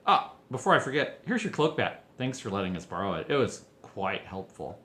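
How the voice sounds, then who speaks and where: A man's voice: fairly low pitch, sing-song, a little fast, pushed and bright. A man voicing a mischievous teenage boy who teases with mock innocence. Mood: mock-innocent.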